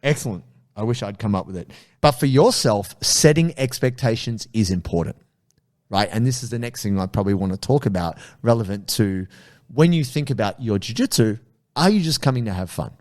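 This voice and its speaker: Animated, swearing jiu-jitsu podcast host. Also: male voice, fairly low pitch, fairly quick. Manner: animated storyteller, swears casually, acts out quotes. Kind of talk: casual chat.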